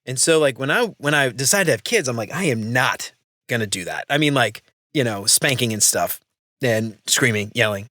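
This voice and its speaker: A man's voice: medium pitch, moderate pace, sharp tone, no echo, clean studio sound. A man in his thirties hosting a podcast in casual, joking chat, laughing often. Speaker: podcast host.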